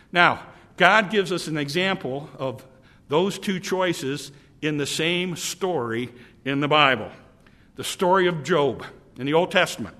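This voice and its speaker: A man's voice: a little high, lively intonation, unhurried, pushed and bright, long reverb tail. Brief: emphatic male preacher, stumbling repeats, ringing tone. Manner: emphatic, repetitive, stumbling restarts. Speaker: pastor. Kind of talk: sermon.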